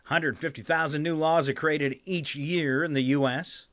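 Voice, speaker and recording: A man hosting a morning radio show, running a trivia quiz in casual banter. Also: on the high side. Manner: lively quizmaster, reads trivia and headlines briskly.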